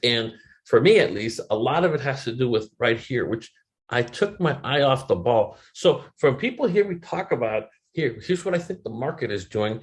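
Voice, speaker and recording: At a normal speed and medium pitch, an expressive middle-aged man recounts a frank, emotional personal story for a motivational webinar, letting the occasional swear word slip. His volume rises and falls, and he voices the people he quotes differently.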